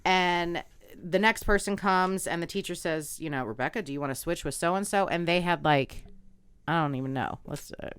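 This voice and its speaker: A woman guest on a podcast telling a story in casual chat, animated and acting out the voices she quotes. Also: fairly low pitch, normal speed, clean tone, dry recording.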